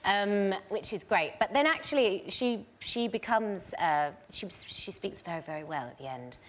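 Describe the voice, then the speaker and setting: A woman's voice: mid-range voice, expressive, normal speed, fairly bright tone. A woman from England, an actress chatting easily as a talk show guest. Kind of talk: casual chat.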